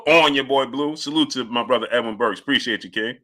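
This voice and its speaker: A man's voice: medium pitch, quick pace, bright, forceful tone. A man hosting a casual boxing livestream who talks animatedly, repeats his phrases and greets chat viewers by name. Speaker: boxing commentary livestream host.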